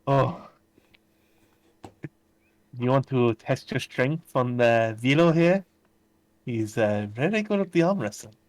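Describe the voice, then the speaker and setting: A man's voice: mid-range voice, takes it slowly, pauses often. A man playing a tabletop game who talks in an easygoing, teasing way. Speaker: player. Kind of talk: casual table talk.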